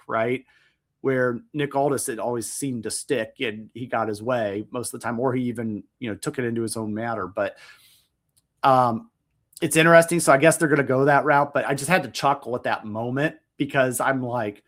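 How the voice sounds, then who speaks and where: This man, co-hosting a wrestling podcast, talks briskly at medium pitch with a fairly bright sound. His casual chatter wanders, he cuts himself off to start over, and he keeps chuckling.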